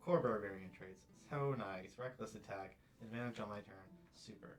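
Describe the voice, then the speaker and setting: A man chatting at a tabletop game, thinking aloud and easily amused as he works through his turn. His voice sits at an everyday pitch. He sounds a step away from the mic, with music clearly behind him. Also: normal speed, far from the mic. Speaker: player. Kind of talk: casual chat at a game table.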